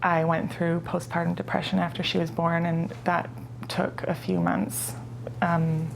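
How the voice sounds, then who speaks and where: A woman's voice: on the low side, little pitch movement, a little slow, gravelly, slight background noise, poor audio. A mother speaking in a subdued, reflective way in an interview.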